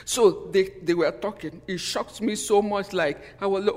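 Delivering a heartfelt sermon built around a personal story, a woman repeats "you know" frequently and stops to begin lines again. She speaks at a moderate pace with hardly any pauses, in a medium-pitched, slightly mellow voice trailed by long reverb.

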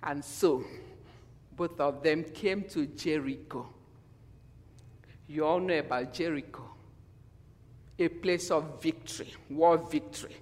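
A man preaching a sermon in a church, animated and acting out quotes in different voices, often asking the congregation questions. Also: a little high, takes it slowly, pauses often. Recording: long hall reverb.

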